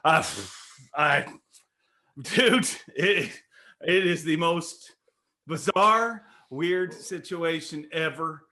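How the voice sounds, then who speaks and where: A man's voice: fairly high pitch, drawn-out words, pauses often, bright, forceful tone. A man from Canada co-hosting a casual podcast, rambling and repeating words as he talks, with frequent laughs. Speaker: podcast co-host.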